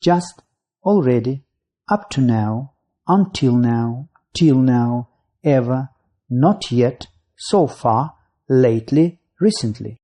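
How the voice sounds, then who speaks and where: A voice narrating a scripted English grammar lesson, reading out rules, lists of signal words and example sentences in a measured way. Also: medium pitch, lively intonation, warm tone.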